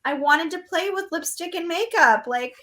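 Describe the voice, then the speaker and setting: A woman's voice: very high-pitched, lively intonation, normal speed, fairly bright tone. Chatty young woman. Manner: chatty, many likes and ums, laughing asides. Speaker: magician guest. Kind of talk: casual interview chat.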